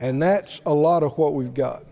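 Male preacher, high and lively voice, playful storyteller, long hall reverb. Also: moderate pace. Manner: animated storytelling, laughing at his own jokes, acting out quoted voices. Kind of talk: sermon.

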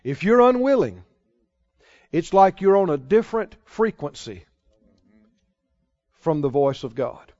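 A man's voice: fairly high pitch, sing-song, unhurried, long pauses, a little mellow. A man preaching a sermon, stretching out his key phrases for emphasis and chuckling now and then. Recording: dull lo-fi sound.

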